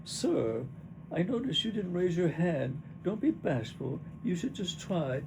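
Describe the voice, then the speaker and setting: A man's voice: high-pitched, big pitch swings, a little slow, gravelly, noisy background, pitched above the performer's own voice, heavily acted. A man playing Kitty, a coaxing pantomime hostess. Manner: encouraging, playful, sing-song. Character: cheerful coaxing woman running a pantomime. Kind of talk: rehearsal read-through.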